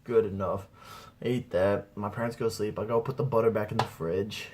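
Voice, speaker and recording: A man's voice: fairly low pitch, fairly even intonation, brisk, background noise. A young man telling a rambling comedy story about himself, saying "dude" again and again. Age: young adult. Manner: rambling, says "dude" a lot. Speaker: amateur comedian. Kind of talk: stand-up storytelling.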